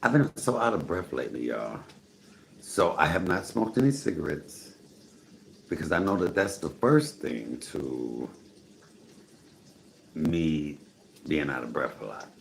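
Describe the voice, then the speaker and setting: A man in his fifties chatting casually to the camera from his home while cooking, animated and repeating catchphrases. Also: rumbling low, unhurried, creaky, pauses often, a little hiss or hum. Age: 50s. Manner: animated, repeats "come on, somebody". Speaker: vlogger. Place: home apartment, indoors, cooking. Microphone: camera mic.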